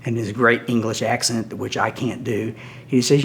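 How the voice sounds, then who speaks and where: An older man telling a story with lively, animated delivery, often dropping to a hush. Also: mid-range voice, normal speed, a little hiss or hum. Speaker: guest storyteller.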